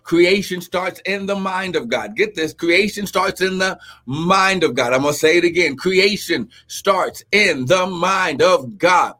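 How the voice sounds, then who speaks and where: A man preaching a livestream sermon as pastor, teaching slowly, then shouting, crying out and speaking in tongues. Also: high-pitched, lively intonation. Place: church livestream with music behind.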